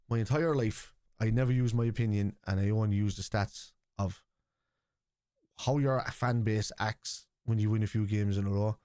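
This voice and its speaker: Male streamer host, low dark voice, dry sound, blunt sweary football banter. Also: no room sound. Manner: blunt and opinionated, sweary, repeats points. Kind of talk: casual live commentary and chat.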